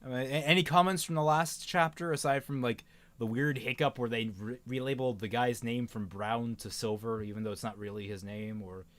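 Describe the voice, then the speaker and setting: A man's voice: mid-range voice, steady tone, a little fast, fairly bright tone. A man hosting a casual stream, chatting with a guest and reading a novel aloud with rambling asides and small stumbles. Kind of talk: casual chat and read-aloud.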